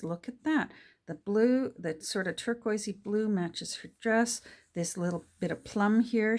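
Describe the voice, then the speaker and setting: A middle-aged woman chatting casually while she crafts, full of fillers and restarts, sometimes dropping to a soft whisper. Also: fairly low pitch, vocal fry. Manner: drops to soft whispers when delighted. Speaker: crafting vlogger.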